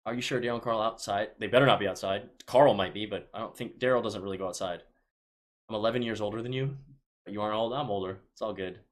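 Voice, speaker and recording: This fast-talking man, fairly low in pitch, is in his thirties and from Chicago in the United States. He's on a live stream, reading viewers' questions aloud and tossing off casual answers with many restarted sentences.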